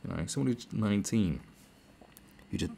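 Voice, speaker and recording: A man's voice: fairly low pitch, animated, normal speed, vocal fry, warm tone, breathy edge. A British man hosting a podcast, delivering a sarcastic, profane rant. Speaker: podcast host. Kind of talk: podcast monologue.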